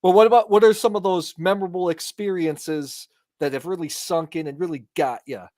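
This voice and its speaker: Male podcast guest, a touch high in pitch, eager conversational delivery, dry close sound. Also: steady tone, fairly quick, darkish tone, no echo. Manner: enthusiastic, asks questions. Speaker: guest wine creator.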